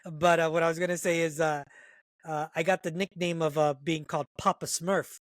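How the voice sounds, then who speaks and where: A man's voice: fairly high pitch, flat delivery, a little fast, no room sound, poor audio. A man co-hosting a podcast, talking reflectively and checking in with his listeners as he goes. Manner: reflective, checks in often with "right?". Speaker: podcast co-host, retired Navy corpsman. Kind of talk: casual podcast conversation.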